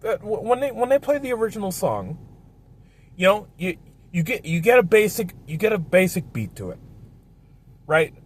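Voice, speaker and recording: A man's voice: high voice, very animated, moderate pace, pauses often. A man hosting a casual film review chat, ranting and swearing a lot. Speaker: host.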